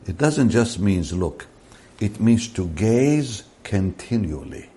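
A man preaching a sermon slowly and deliberately, rising in pitch to stress key words. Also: very animated, dark tone.

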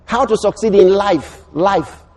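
A man preaching a sermon, emphatic and repetitive, rising to shouts. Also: high voice, unhurried.

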